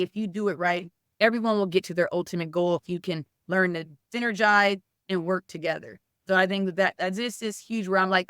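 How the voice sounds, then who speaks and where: Animated, smooth-voiced woman telling a story. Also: mid-range voice, dry recording, studio quality. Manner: animated storytelling, many "like" fillers, acts out quoted speech. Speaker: softball coach and former college player. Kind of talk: casual interview talk.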